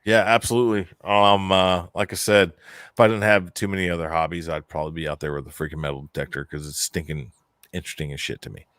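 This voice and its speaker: A man's voice: deep voice, flat delivery, quick pace, a bit bright, no room sound, studio quality. A man co-hosting a casual live-stream chat, joking and cursing as he reads out viewer comments. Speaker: podcast co-host.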